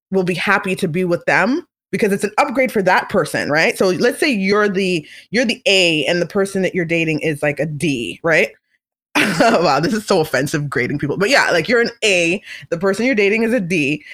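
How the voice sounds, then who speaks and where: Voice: mid-range voice, fairly bright tone. A vlogger in a casual, chatty monologue, opinionated and playful, now and then slipping into comic voices. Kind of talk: casual celebrity gossip monologue.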